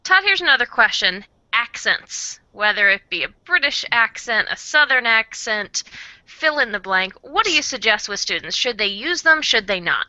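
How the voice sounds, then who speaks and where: A woman hosting a live online Q&A puts questions to an expert in a very bright, crisp voice. She sounds dry and close, with thin, muffled web call audio. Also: fairly high pitch, sing-song, normal speed, dry recording. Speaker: moderator. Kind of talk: reading viewer questions. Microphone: video call.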